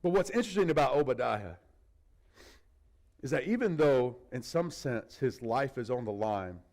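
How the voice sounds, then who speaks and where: A man preaching a sermon as a pastor, telling the story in an animated, conversational way with asides to the congregation. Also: medium pitch, normal speed, low-quality recording.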